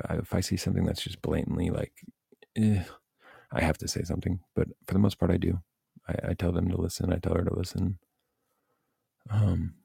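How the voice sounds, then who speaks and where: A man with a deep, dark voice and heavy vocal fry gives youth baseball advice as a coach and parent. He vents bluntly and swears freely, in a casual, animated rant. The sound is dry and close. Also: dry recording. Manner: blunt, profane, animated venting.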